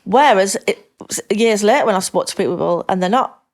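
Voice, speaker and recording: A woman's voice: mid-range voice, normal speed. A middle-aged woman with a Northern English accent, a podcast guest chatting candidly and rambling a little, laughing easily. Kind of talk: casual interview chat.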